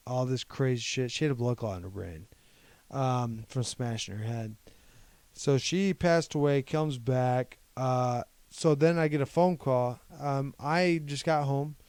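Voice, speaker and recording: A man's voice: mid-range voice, unhurried, a little mellow, clear, resonant tone, no echo. A young man from Ohio co-hosting a podcast, telling a long personal story in a rambling way and quoting what other people said. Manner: rambling, retells events by quoting people's words. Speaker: podcast co-host. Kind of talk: casual chat, personal storytelling.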